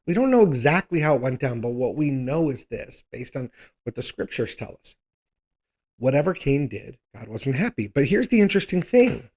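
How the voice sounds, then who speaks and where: A man's voice: mid-range voice, sing-song, normal speed, a little mellow. Conversational man teaching Bible study. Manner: conversational, thinks aloud, frequent rhetorical "right?".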